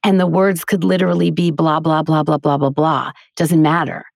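Low, gravelly-voiced woman voice teacher. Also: level tone, moderate pace, dry recording, studio quality. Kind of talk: casual podcast interview.

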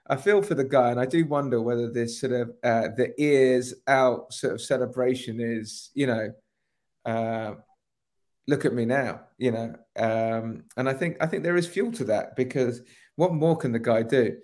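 A man's voice: mid-range voice, normal speed, darkish tone. Rambling, emphatic podcast co-host man. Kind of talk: casual podcast chat.

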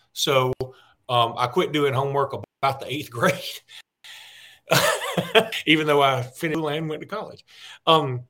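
A man's voice: medium pitch, bright, forceful tone. A man with a Southern accent co-hosting a sports podcast, talking in a rambling, folksy, self-interrupting way. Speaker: podcast co-host. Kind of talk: casual sports podcast chat.

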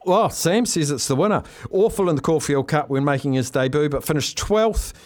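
Brief: New male radio host, high voice, bubbly and quick with the racing form, faint music under him. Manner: excitable, upbeat, rattles off racing form. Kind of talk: phone-in radio chat.

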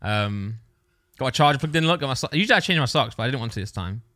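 A man's voice: mid-range voice, lively intonation, quick pace, bright, forceful tone, no echo, clean studio sound. A man telling a long story in casual chat on a podcast. He rambles, corrects himself and laughs as he goes. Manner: rambling, self-correcting, laughs through his own story.

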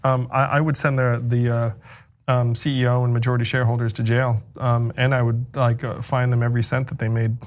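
Guest candidate, male, casual and talky, fillers and restarts, middle pitch. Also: level tone, fairly quick. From United States. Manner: loose and chatty, many fillers and restarts. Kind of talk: casual interview answers.

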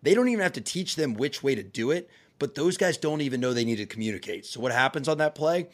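A man hosting a casual sports talk show, explaining plays step by step and getting animated when he is excited. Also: mid-range voice, fast talker. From American South family. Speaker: podcast host. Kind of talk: casual sports analysis chat.

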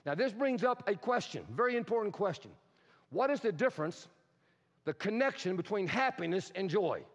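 Animated male pastor preaching in a hall. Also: sits high, moderate pace. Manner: animated preaching, acts out quotes. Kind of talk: sermon. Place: church sanctuary. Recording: dull sound in a hall with long reverb.

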